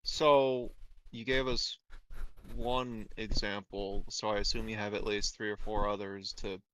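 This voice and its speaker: A man's voice: lowish voice, level tone, a little slow, fairly bright tone, poor audio. A man co-hosting a casual chat who argues his points with a stammer. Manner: stammering, argumentative. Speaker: co-host.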